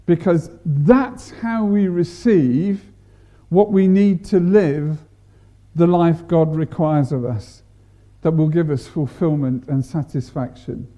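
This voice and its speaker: A man preaching a sermon, deliberate, repeating and stressing words to make his point. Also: a little high, warm tone.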